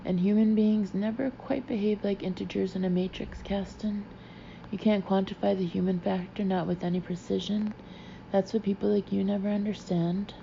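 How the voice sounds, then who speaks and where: A woman's voice: medium pitch, steady tone, normal speed, creaky, warm tone, muffled recording, slight background noise, close to an everyday voice. A woman reading as a weary, defiant male agent. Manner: terse, grim.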